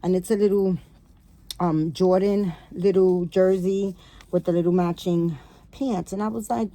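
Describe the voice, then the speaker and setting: A woman hosting a doll vlog in casual chat, loose, profane and rambling with many fillers, cooing softly at her dolls. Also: lowish voice, fairly even intonation, unhurried. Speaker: doll channel host.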